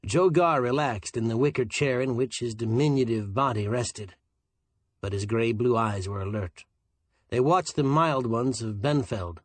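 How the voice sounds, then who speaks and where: Male audiobook narrator, husky voice, dry close sound, steady delivery. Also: medium pitch, no echo. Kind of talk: scripted narration.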